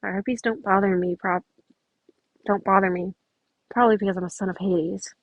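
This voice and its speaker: Withdrawn brooding teen boy, read by a woman; quiet, gravelly, husky. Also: medium pitch, fairly even intonation, normal speed, no echo, lightly acted, poor audio. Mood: subdued.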